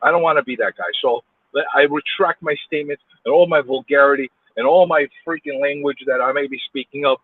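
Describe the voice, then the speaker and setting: A man streaming from his car in traffic, rambling and stammering, then bursting into loud yelling at other drivers. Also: a little high, fairly quick, slightly rough, no room sound. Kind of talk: ranting while driving. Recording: phone-like dry lo-fi sound.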